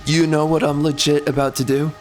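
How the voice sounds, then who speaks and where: A man's voice: fairly high pitch, little pitch movement, a little fast. A man giving sarcastic, mocking running commentary while playing a video game. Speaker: streamer. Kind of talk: gameplay commentary. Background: game music and sound.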